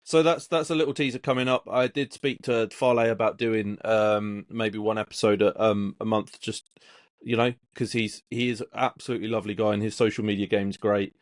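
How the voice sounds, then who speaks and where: A man's voice: lowish voice, fairly even intonation, brisk, no room sound, clean studio sound. A man co-hosting a podcast, telling stories in a rambling, casual way. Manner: rambling, many fillers and restarts while storytelling. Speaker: podcast co-host.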